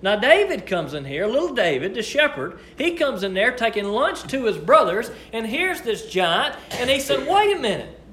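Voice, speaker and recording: A man leading a Bible study, reading verses and explaining them in a conversational, expressive way. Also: extremely high pitch, moderate pace, hardly any pauses. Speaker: Bible teacher. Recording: echoey room, faint noise.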